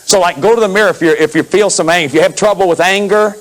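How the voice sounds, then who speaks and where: A man in his fifties giving a lively lecture on therapy, acting out examples, laughing often and restarting his sentences. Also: sits high, very fast, low-quality recording. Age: 50s. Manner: repeats words, restarts sentences. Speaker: therapist lecturing on inner child work.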